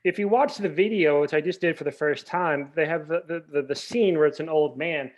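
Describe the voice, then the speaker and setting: A man in his late forties with a fairly high voice, talking as a podcast guest. He chats casually and tells stories in a rambling way, often restarting his sentences. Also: fairly quick. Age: 40s. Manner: chatty storyteller, frequent restarts. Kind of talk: casual chat.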